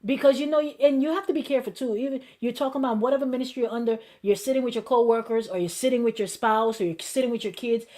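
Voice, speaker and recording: Woman pastor, high voice, chatty sermon, repeats herself a lot, acts out people she quotes. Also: fast, few pauses. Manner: lively, repetitive, acts out quoted people with shifts in pitch. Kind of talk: conversational sermon and show host.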